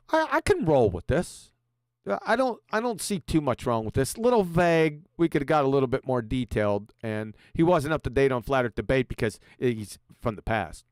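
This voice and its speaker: Sarcastic heckling man, lively pitch. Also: normal speed, clean tone, no room sound, studio quality. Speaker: host reacting to a video. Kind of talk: mocking commentary over a clip.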